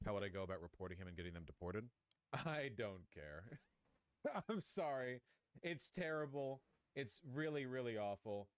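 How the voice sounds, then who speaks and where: A streamer hosting a live broadcast reacts to clips with rambling, profane commentary, often restarting his sentences. His voice is on the low side, with no room sound.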